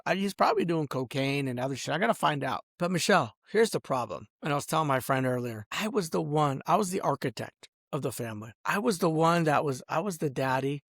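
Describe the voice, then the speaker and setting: An angry, profane man ranting to camera, peppering every line with "bro" and jumping into shrill high outbursts. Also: creaky, no echo, studio quality. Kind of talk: angry personal rant.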